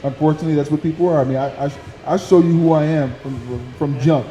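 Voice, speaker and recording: Laid-back man with a very dark voice. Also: on the high side, fast talker, faint music behind. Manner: relaxed, stammering restarts, slangy. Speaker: guest, former college football player. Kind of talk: casual talk-show conversation. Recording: echoey room.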